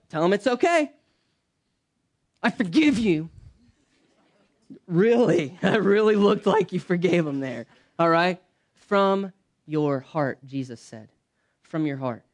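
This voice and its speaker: High-voiced pastor preaching. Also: male voice. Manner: conversational preaching, swings between loud emphasis and soft low asides. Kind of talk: sermon. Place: church.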